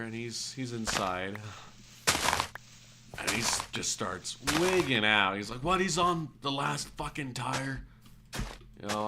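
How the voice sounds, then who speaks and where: A man's voice: on the low side, background noise. A man streaming a game while telling a rambling, self-correcting story in casual, occasionally profane speech.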